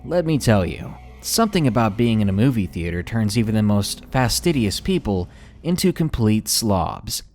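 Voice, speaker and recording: A man narrating true scary stories in scripted, expressive storytelling. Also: fairly low pitch, moderate pace, soft background music.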